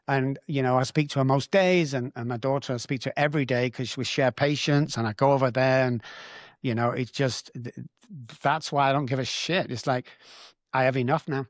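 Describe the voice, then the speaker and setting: A man's voice: mid-range voice, steady tone, moderate pace, no room sound. A middle-aged man from England, a guest on a podcast, telling his recovery story in a blunt, heartfelt way and swearing freely. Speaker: guest, addiction recovery doctor. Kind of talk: emotional storytelling in a podcast interview.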